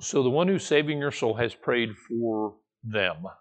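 A man preaching a conversational sermon as a pastor teaching a Bible study, informal and animated, with playful asides and light laughs. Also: mid-range voice, a little slow.

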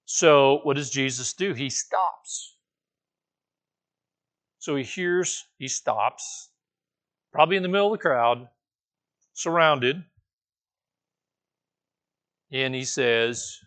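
A man's voice: medium pitch, lively intonation, slow pace, pauses often, a bit bright. A man preaching a conversational sermon, correcting himself as he goes and rising now and then to emphatic, raised passages. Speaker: pastor.

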